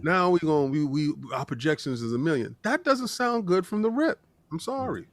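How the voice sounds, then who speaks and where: A man co-hosting a casual gaming podcast, animated and joking, acting out little voices in his stories. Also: fairly high pitch, moderate pace, no echo. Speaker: podcast co-host.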